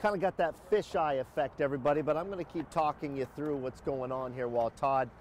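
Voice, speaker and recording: An upbeat man hosts a casual live walkthrough outdoors, talking in a slightly raised pitch with lots of easy fillers. Faint traffic hums in the background of this outdoor recording. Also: fast talker, darkish tone. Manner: upbeat, chatty, many uh fillers. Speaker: host of a sales livestream. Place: outdoors by a motorhome near a highway.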